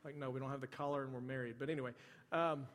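A man's voice: mid-range voice, steady tone, rapid-fire, a bit bright, a little hiss or hum. A man preaching a sermon as a pastor, in a conversational style with chatty asides. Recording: long reverb of a large hall.

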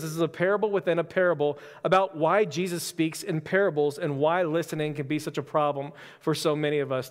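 Male pastor, conversational sermon, somewhat high voice, long hall echo. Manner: casual, storytelling, self-deprecating humor.

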